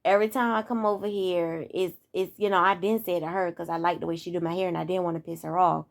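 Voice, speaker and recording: In her twenties, this vlogger speaks directly to viewers in an exasperated, casual rant, repeating herself and posing rhetorical questions. Her low, gravelly voice is fast with fairly even intonation, and the studio-quality audio has no echo.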